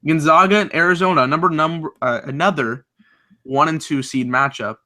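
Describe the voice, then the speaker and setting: A man's voice: fairly high pitch, fairly even intonation, brisk, sharp tone. A young man co-hosting a casual sports chat over a video call, upbeat as he talks through his picks. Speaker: co-host making bracket picks.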